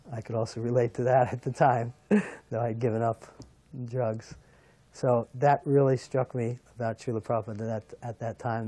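A soft-spoken man calmly recalling a first meeting as a devotee, with a thoughtful, gentle delivery. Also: medium pitch, no echo. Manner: soft-spoken, thoughtful, chuckles now and then. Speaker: devotee sharing memories. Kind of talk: reflective recollection.

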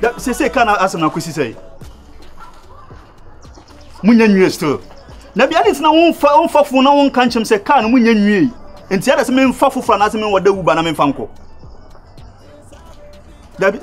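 A chatty Ghanaian character in a comedy film, rambling on in Twi. His voice is high and bounces lively up and down. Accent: Ghanaian, speaking Twi.

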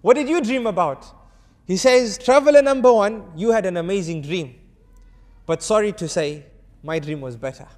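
A man preaching to an audience, telling a story and acting out its dialogue with animated shifts of voice. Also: high-pitched, normal speed, big-room sound. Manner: urges the audience to answer. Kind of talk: storytelling sermon.

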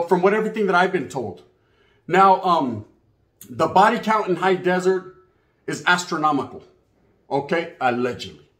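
A man telling stories in a casual monologue, heavy on street slang and swearing, acting out the voices of other people. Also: high-pitched. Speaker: channel host. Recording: echoey room.

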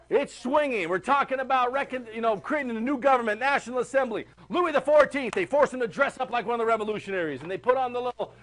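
A man teaching a history class in a classroom, animated and chatty, often checking in with the students. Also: extremely high pitch, poor audio. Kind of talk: classroom lecture.

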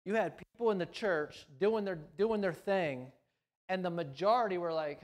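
A male pastor delivering a sermon, swinging between loud emphasis and hushed lines. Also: high voice, moderate pace. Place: church sanctuary.

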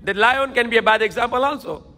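Guy preaching, really high voice, sharp bright tone, long hall echo. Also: fast talker. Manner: repetitive emphatic preaching, slips into Tagalog phrases. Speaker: Islamic preacher. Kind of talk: sermon lecture.

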